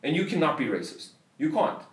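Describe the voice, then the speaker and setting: A man's voice: on the high side, huge pitch swings, fairly quick, roomy sound, recorded from a distance. A South African man on a podcast, telling a story in a heated, swearing rant. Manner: swears a lot, heated ranting. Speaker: podcast host. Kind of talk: casual storytelling.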